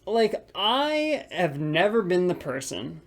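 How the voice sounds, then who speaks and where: A man's voice: high-pitched, sing-song, takes it slowly. A young man co-hosting a podcast, telling a frustrated story about work in a rambling, casual way full of filler words. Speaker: podcast co-host.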